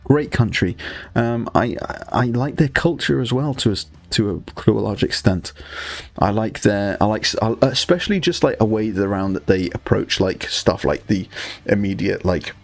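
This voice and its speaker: Gravelly Northumbrian man rambling on stream. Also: on the low side, lively intonation, normal speed, soft background music. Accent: Northumbrian English. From Northumberland, England. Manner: rambling, restarts often, crude banter. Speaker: livestream host. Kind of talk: casual live-stream chat while painting miniatures.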